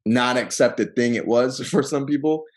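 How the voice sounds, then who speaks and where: A man from Seattle, a podcast guest, telling personal stories in a casual, relaxed way full of "like" and "um", acting out the people he quotes. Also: normal speed. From Seattle, Washington. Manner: relaxed storyteller who acts out quoted people with lively jumps in pitch; frequent fillers like "like" and "um". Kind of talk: casual storytelling interview.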